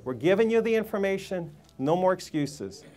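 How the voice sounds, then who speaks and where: A man's voice: sits high, expressive, moderate pace, mellow. A man giving a live seminar talk to a room full of people, emphatic and preachy, firing rhetorical questions at the audience. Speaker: health seminar speaker.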